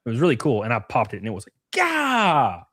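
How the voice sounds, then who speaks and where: A man's voice: lowish voice, rapid-fire, husky, no echo. Thirties guy hosting a stream, chill swearing chat, dry close mic. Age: 30s. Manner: casual, swears, reads super chats aloud. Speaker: livestream host. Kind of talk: casual livestream chat.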